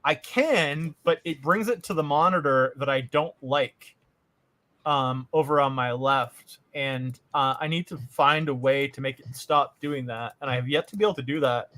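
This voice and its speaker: A man's voice: mid-range voice, moderate pace, pushed and bright. A Canadian man chatting casually and wryly while streaming a game. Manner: bantering, wry, rambling. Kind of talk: casual gaming chat.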